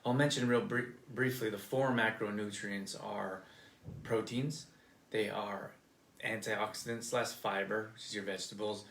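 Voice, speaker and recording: A man's voice: on the low side, steady tone, measured pace, gravelly, a bit bright, echoey room. A man co-hosting a live nutrition show, explaining things in a loose, rambling way with many restarts. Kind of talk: casual live-stream chat.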